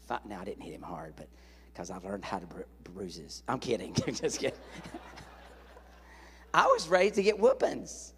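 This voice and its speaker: A man preaching a sermon in a large church hall, an animated, joking storyteller speaking into a stage microphone. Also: on the low side, normal speed, long pauses.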